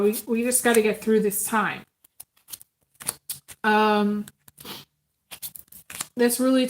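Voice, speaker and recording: A woman's voice: a little high, fairly bright tone, slight background noise. A woman giving a casual live tarot reading, talking earnestly and from the heart, with many ums and restarts. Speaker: tarot reader.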